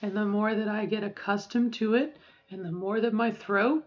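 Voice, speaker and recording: A woman's voice: mid-range voice, fairly even intonation, moderate pace, lo-fi sound. A middle-aged woman talking casually in a voice-training vlog, rambling and often checking in with "okay?". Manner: rambling, keeps adding "okay?". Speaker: vlogger.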